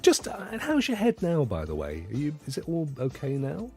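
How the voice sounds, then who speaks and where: British podcast co-host, husky, jokey rambler. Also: male voice, a little fast, faint music behind. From United Kingdom. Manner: rambling, jokey, very lively pitch. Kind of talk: casual gaming chat.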